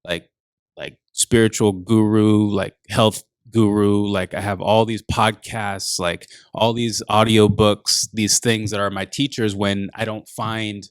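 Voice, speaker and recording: A man's voice: on the low side, little pitch movement, slow, smooth, dry recording, studio quality. A man chatting casually on a podcast as a meditation and wellness coach, laid-back and full of filler words.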